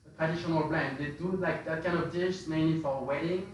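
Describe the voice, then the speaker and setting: Male spice presenter, slightly high, hesitant and filler-heavy; very echoey, distant recording. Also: a little fast, slight background noise. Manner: hesitant, many fillers and restarts. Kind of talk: casual explanatory talk. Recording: very echoey room, distant from mic.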